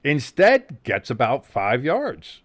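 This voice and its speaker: A man with a New Jersey accent hosting a casual live watch-along, calling plays with excitement, swearing and joking. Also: mid-range voice, slow. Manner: excited play-by-play with swearing and jokes. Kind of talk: casual live game commentary.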